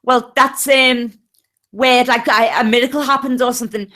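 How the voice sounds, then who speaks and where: A woman with a Liverpool accent chats away bluntly on a video call and swears freely. Her voice is high, and its tone is bright and forceful. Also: steady tone, normal speed. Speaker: panelist in a group video chat. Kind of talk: casual chat.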